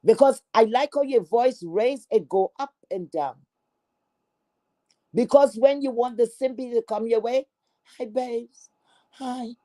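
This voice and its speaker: A woman's voice: a little high, measured pace, warm tone. A woman delivering an angry, profane callout rant, confrontational and scornful, often repeating herself. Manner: repetitive, stammering restarts. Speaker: online streamer.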